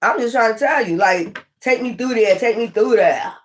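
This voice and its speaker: High-voiced, preachy male tarot reader. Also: moderate pace. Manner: preachy, profane, repeats catchphrases. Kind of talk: casual spoken tarot reading.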